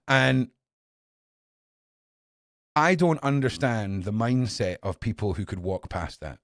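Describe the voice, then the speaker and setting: A man in his forties rants on his podcast, heated and profane. He drops to a mutter, then bursts into shouts. His voice is mid-pitched and sits close on a dry microphone. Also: animated, slow, pauses often, no echo. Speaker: podcast host. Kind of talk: angry opinion monologue.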